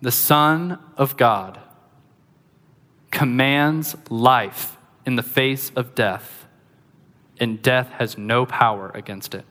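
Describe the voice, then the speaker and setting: A man preaching a sermon as pastor, lively and conversational, with joking asides to the congregation. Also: mid-range voice, slow, pauses often, in a large hall.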